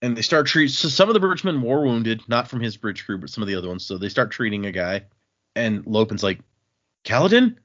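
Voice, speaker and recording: A man's voice: lowish voice, quick pace, a bit bright. A man hosting a casual podcast chat, retelling scenes from a novel and acting out what the characters say. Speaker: podcast host. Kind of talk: casual book-discussion chat. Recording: dull lo-fi audio.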